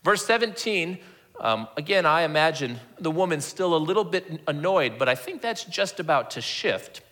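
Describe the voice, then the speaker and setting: A man's voice: fairly high pitch, expressive, moderate pace, fairly bright tone. A man preaching a conversational sermon that reads scripture and acts out its dialogue, often repeating words as he restarts a thought. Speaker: pastor.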